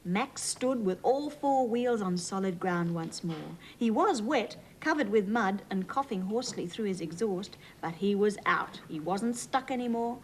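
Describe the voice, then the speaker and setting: An Australian woman hosting a children's TV show, reading a storybook aloud and talking gently to young viewers in a sing-song way. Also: mid-range voice, expressive, unhurried, hardly any pauses, slight background noise, low-quality recording. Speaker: children's TV host.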